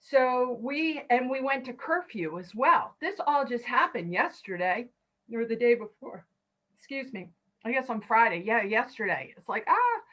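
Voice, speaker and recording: A woman's voice: fairly high pitch, big pitch swings, moderate pace, a bit bright, rough recording. A woman in her fifties from California, leading an online stress management class, talking listeners through breathing counts with chatty personal asides.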